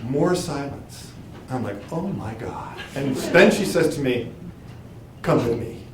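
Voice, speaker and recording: A man's voice: mid-range voice, unhurried. A man, a college professor, telling a story on stage to a live audience, acting out his own and others' lines and slipping into fluent French. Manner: animated, acts out dialogue, switches into fluent French. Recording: roomy live venue, distant mic, crowd laughter.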